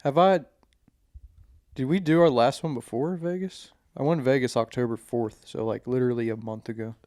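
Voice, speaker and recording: A man's voice: medium pitch, steady tone, normal speed, darkish tone, no room sound, clean studio sound. A young man hosting a podcast, talking in a laid-back, casual way and swearing freely. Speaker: podcast host. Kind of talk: casual chat.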